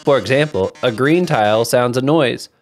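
A man's voice: mid-range voice, moderate pace, soft background music, natural voice. A man voicing a flamboyant male robot TV star, a theatrical villain who melodramatically drawls "darling" at everyone. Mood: gloating.

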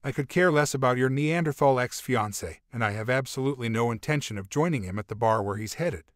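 A composed young escort who speaks with calm, cutting control, read out by a man. Her voice sits at a middle pitch in a dry, close recording. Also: fast talker, no room sound, close to an everyday voice. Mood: cool. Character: cool, scheming young woman escort.

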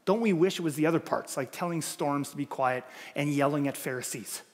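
High-voiced pastor preaching in a hall. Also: male voice, fairly quick. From Canada. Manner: earnest, emphatic, repeats phrases for effect. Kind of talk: sermon. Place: church sanctuary.

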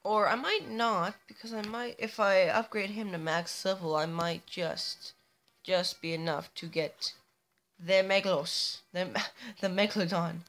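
Slow, playful woman narrating her gameplay. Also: medium pitch, a bit bright, soft background music, rough recording. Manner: playful, chatty, mock-villain taunts at enemies. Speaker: gameplay commentator. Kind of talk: casual let's-play commentary.

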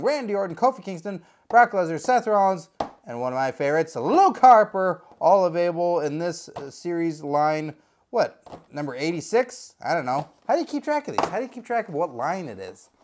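A man's voice: high voice, very animated, normal speed, a little hiss or hum. A man hosting a comedic unboxing video, talking in a goofy, jokey, rambling way. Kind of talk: casual comedic unboxing chat.

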